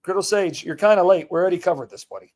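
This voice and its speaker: This livestream host has a high-pitched, slightly mellow voice and talks at a racing pace. He reads a passage aloud and comments on it as live teaching, pressing his viewers with emphatic rhetorical questions.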